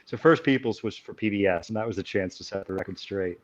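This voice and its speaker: A man's voice: on the low side, quick pace, muffled recording. A man answering interview questions as an academic guest, explaining at length and correcting himself as he goes.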